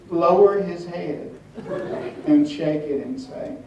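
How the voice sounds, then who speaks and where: Slow, wry man in an echoey room. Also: a little high, recorded from a distance, noisy background. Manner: slow, wry, halting with many restarts. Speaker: author speaking at a tribute event. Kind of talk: storytelling talk to an audience. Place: hotel event room with audience.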